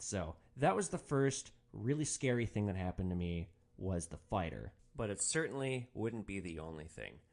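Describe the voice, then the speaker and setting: Male podcast host with a lively, varied delivery, relaxed and profane as he tells stories. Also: lowish voice. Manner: animated, swears freely. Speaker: podcast host, rideshare driver. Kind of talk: casual storytelling monologue.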